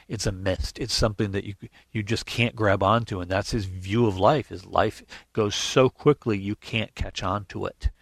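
A man's voice: fairly low pitch, no room sound. A man preaching a sermon in an earnest teaching tone, reading scripture aloud and often restarting his phrases. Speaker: pastor.

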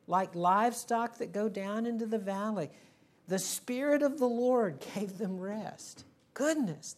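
Slow gravelly woman teaching scripture. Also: mid-range voice, darkish tone. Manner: unhurried, asks the group "okay?" often. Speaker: Bible teacher. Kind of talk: Bible study teaching.

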